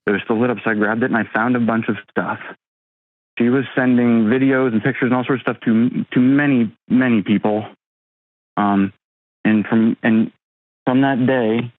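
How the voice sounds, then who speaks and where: A man in his thirties calling an advice show, talking haltingly with many pauses and ums. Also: mid-range voice, dry recording. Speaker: caller. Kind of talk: call-in advice talk. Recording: tinny phone line.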